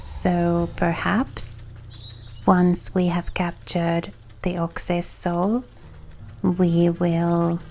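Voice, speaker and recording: A woman whose first language is not English, hosting a let's play and reading the game text aloud in a soft, unhurried way. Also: fairly low pitch, flat delivery. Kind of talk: calm gameplay narration. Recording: faint music behind.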